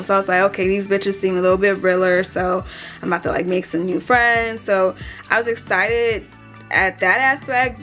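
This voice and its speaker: A young woman in her twenties, telling a workplace story in a casual vlog, swearing freely and acting out what other people said. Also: medium pitch. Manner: animated, swears often, acts out other people's lines. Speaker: vlogger.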